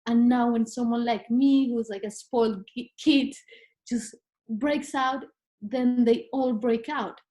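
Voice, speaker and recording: A woman's voice: fairly high pitch, slow pace. A woman, a podcast guest, telling a personal story in casual conversation and acting out what she said back then. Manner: animated, acts out her own past words.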